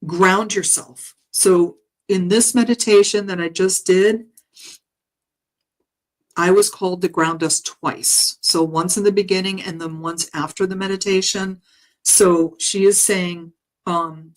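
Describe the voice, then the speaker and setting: A woman on a home livestream reads out a guided meditation message about spiritual healing in a voice that sits low for a woman, with fairly even intonation. Her delivery is slow, gentle, and halting, the many pauses filled with soft ums and the occasional soft laugh. The recording sounds rough.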